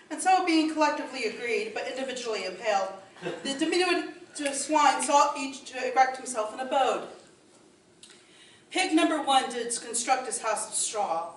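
A woman's voice: high voice, expressive, normal speed. A woman bard improvising a comic story in mock old-fashioned English, theatrical and playful. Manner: theatrical, playful, laughing through lines. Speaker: bard performing a spoken story. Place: hall at a live event with an audience. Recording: echoey hall recorded from far off.

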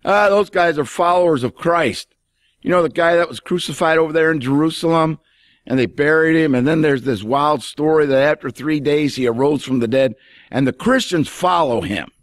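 Preacher doing a sneery townsman, voice pushed up higher and louder. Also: normal speed, dry recording, clean studio sound, natural voice. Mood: mocking. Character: scoffing townsman mocking early believers.

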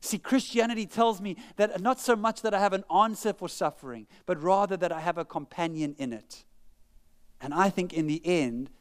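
A pastor with a high, smooth voice preaches a sermon in church at a moderate pace. His delivery is conversational and humorous, full of jokes at his own expense.

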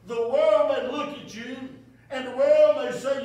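A man preaching a funeral sermon as pastor, rising to emphatic calls and dropping to soft, quiet lines. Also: extremely high pitch, fairly even intonation, normal speed. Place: church sanctuary. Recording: echoey church from far off.

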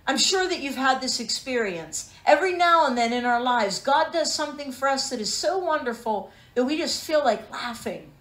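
A woman's voice: sits high, expressive, moderate pace, few pauses, fairly bright tone. Earnest woman teaching from the Bible. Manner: personal storytelling, earnest and emotional. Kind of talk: sermon. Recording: echoey room.

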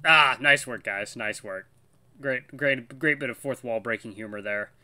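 A man giving casual let's-play commentary with animated, laughing asides. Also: mid-range voice, measured pace. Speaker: gaming YouTuber.

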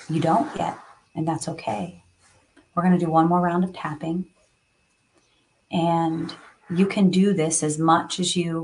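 Woman, lowish voice, unhurried live tapping guide who talks softly and sighs between cues. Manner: slow, soothing, sighing between cues.

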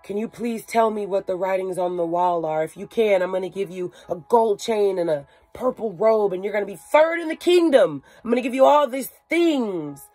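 A woman's voice: medium pitch, moderate pace, few pauses, mellow, dry recording, faint music behind, natural voice. A woman voicing a boastful ancient king, in casual everyday speech. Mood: pleading.

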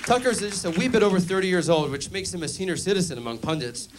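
A man performing a stand-up comedy routine on a club stage, delivering deadpan jokes and playing mock call-in phone bits. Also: high-pitched, fast talker, some chatter behind.

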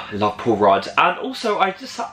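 Chatty young man, bright voice. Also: on the high side, slow, roomy sound. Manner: excitable, chatty, lots of "like" and "oh my God". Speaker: travel vlogger. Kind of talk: casual vlog chat to camera.

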